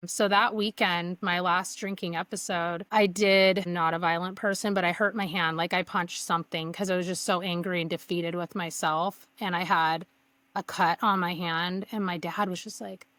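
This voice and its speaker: A woman's voice: on the low side, fairly even intonation, moderate pace, a bit bright, no room sound. Young woman guest on a podcast, earnest storytelling, lots of "like", dry close sound. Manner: earnest, with frequent "like" and restarts. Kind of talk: candid personal storytelling.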